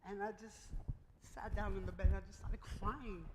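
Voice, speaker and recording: A man giving a keynote speech, telling his own story in a lively way and acting out the dialogue. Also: high voice, normal speed. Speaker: keynote speaker. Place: event hall before a live audience. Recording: reverberant hall with clear noise.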